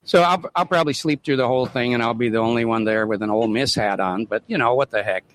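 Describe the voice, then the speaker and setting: A man's voice: medium pitch, fast talker, low-quality recording. A man calling in to a radio show, telling a chatty story and grumbling as he goes. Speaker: caller. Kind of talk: phone-in chat.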